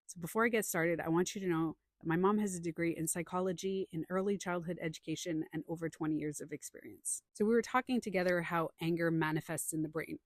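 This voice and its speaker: A woman's voice: fairly low pitch, fast talker, hardly any pauses, no echo, studio quality. A woman talking casually about feelings, telling stories and acting out what people said. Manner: animated storytelling, acts out quotes. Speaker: podcast host. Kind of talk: casual opinion talk.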